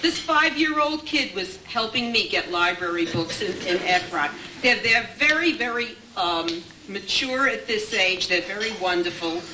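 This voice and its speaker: A woman's voice: medium pitch, lively intonation, unhurried, hardly any pauses. An older grandmother telling chatty family stories in a speech at a bar mitzvah, with lots of restarts and repeated "I says". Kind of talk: anecdotal family celebration speech. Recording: echoey room, distant mic, background noise.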